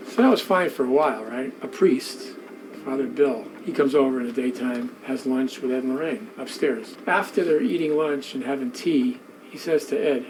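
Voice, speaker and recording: A man telling a tale during a museum tour, speaking in an animated, conversational way. He repeats himself as he builds the story and acts out the voices of the people in it. A faint background hiss sits under the recording. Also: medium pitch, normal speed. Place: indoor museum room.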